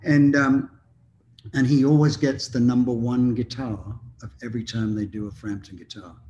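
An older man spins a meandering story in a relaxed interview. His voice sits at a middle pitch, he pauses often with ums and restarts, and faint noise hums behind him. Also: dull audio. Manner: rambling anecdotal, with frequent ums and restarts. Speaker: guest musician.

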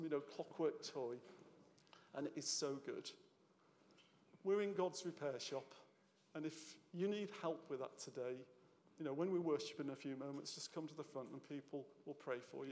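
A man's voice: a little high, darkish tone. A man preaching a sermon in church, chatty and conversational, often checking in with "yeah?" and at times moved. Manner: conversational, tag questions, gets emotional. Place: church hall. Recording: long hall reverb.

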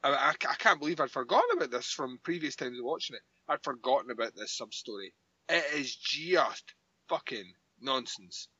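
Animated man on a podcast, bright voice. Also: medium pitch, normal speed, husky, dry recording, muffled recording. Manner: animated, laughing, swearing. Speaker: podcast co-host. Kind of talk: casual podcast chat.

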